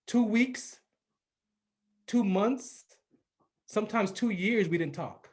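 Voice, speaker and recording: In a high-pitched, slightly mellow voice, a man from California in his forties talks slowly, with long pauses. He's a radio personality guesting on a podcast, recounting a personal story casually but earnestly and emphatically, voicing the people he quotes.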